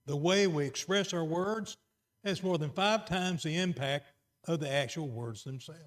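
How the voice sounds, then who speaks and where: A middle-aged man preaching a sermon, moving between quiet, earnest emphasis and raised exhortation. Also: a little high, unhurried.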